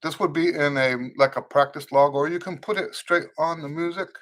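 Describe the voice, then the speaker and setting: A man's voice: a little high, fairly even intonation, brisk, fairly bright tone. A man teaching trumpet in an unscripted live-stream Q&A, earnest and instructive, repeating key phrases for emphasis and greeting viewers as they comment. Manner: reads viewer comments aloud and greets them.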